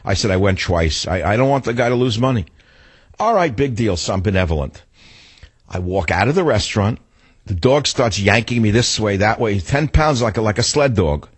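Husky ranting New man. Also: fairly low pitch, expressive, moderate pace, dry recording. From New York. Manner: blunt, ranting, digressive. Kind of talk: opinionated storytelling monologue.

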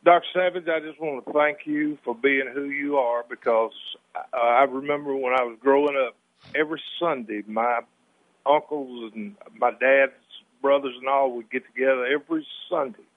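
A man's voice: medium pitch, moderate pace, no echo. A man from Alabama with an Alabama accent, calling in to a radio show earnestly and gratefully. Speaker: caller. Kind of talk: call-in radio conversation. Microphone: telephone. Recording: tinny phone line.

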